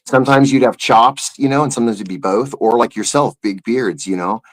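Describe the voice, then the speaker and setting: A man's voice: mid-range voice, brisk. A man who has joined a livestream as a guest over a remote call, chatting in a rambling, joking way. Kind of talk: casual livestream chat.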